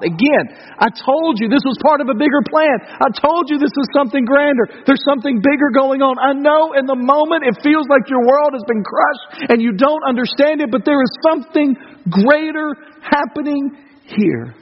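American male pastor, sermon, conversational with rhetorical questions; high voice, dull muffled sound. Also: moderate pace, long reverb tail. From United States. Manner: conversational, rhetorical questions, swings from loud to hushed.

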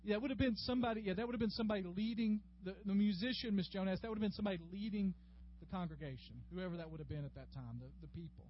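A man leads a Bible class in a chatty, folksy way, his voice sitting fairly high for a man. The recording is dull and lo-fi, with a faint hum in the room behind him. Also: very fast. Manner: folksy and chatty, addressing class members by name. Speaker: Bible study teacher. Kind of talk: conversational Bible class teaching. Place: classroom with a group.

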